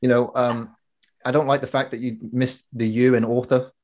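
A man's voice: mid-range voice, little pitch movement, normal speed, darkish tone. A man chatting casually as a podcast co-host, telling stories and swearing freely. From England. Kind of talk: casual chat.

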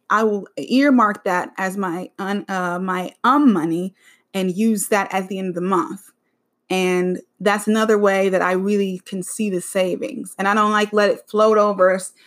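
A woman's voice: mid-range voice, a bit bright. A woman hosting her own podcast, talking casually and rambling with frequent self-corrections. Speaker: podcast host. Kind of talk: casual solo podcast chat.

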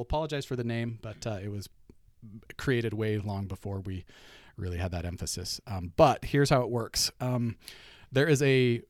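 A man's voice: mid-range voice, no room sound, studio quality. Upbeat man hosting a podcast. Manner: upbeat, laughs often, quick bursts. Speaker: podcast host. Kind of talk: casual chat. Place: studio.

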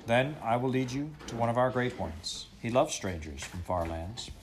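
A man's voice: mid-range voice, lively intonation, normal speed, background noise, close to an everyday voice. A man voicing a proud, scornful ship captain with a growling, blustering manner.

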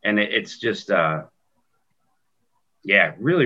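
Laid-back man, very deep husky voice, bright edge; dull video-call audio. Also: lively intonation, normal speed, pauses often. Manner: joking, laid-back, rambling. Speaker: guest narrator on the album. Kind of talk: casual interview chat.

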